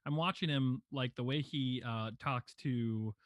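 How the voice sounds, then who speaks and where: A man's voice: mid-range voice, a little slow, dry recording. A man co-hosting a podcast, talking expressively and indignantly about a TV villain. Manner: expressive, indignant, laughs often. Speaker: podcast co-host. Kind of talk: casual chat.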